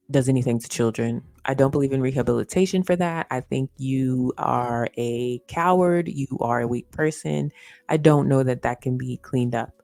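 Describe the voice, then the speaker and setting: A woman's voice: very deep voice, vocal fry, a little mellow, no room sound. A woman hosting a casual commentary livestream, earnest and repeating her points with lots of "you know" fillers. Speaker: host. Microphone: streaming setup.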